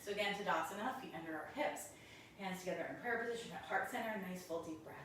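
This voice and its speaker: A woman teaching a guided yoga class, giving calm, encouraging cues while doing the poses and a little out of breath. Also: fairly low pitch, fast talker, very echoey, distant mic, noisy background. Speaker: yoga instructor.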